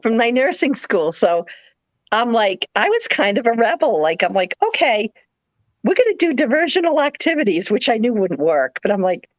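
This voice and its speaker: A middle-aged woman with a New England accent, hosting a live sale and chatting in a rambling, animated way with playful put-on voices. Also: medium pitch, moderate pace, dry recording, dull audio. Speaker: live sale host, former nurse. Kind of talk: casual chat.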